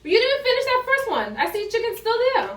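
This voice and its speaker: High, bright, teasing woman co-host. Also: huge pitch swings, fast, recorded from a distance. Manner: teasing, chatty, needling. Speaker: cooking show co-host. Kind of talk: casual banter. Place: home kitchen. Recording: roomy room from afar.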